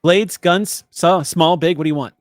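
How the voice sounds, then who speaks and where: A man's voice: a little high, moderate pace, dry recording, clean studio sound, pitched above the performer's own voice, lightly acted. Man playing a keen young female fighter, eager to prove herself. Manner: eager and excitable. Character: eager young spear-carrying woman fighter.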